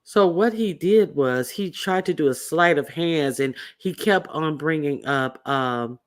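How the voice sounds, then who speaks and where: A man hosting casual political commentary, telling stories in a rambling, animated way with lots of fillers. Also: a little high, a little slow.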